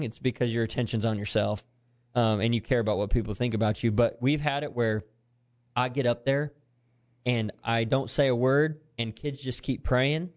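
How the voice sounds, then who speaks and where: A man, a youth pastor, animatedly telling a story in conversation and acting out the voices of the people in it. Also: medium pitch. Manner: animated, acts out quoted voices, earnest.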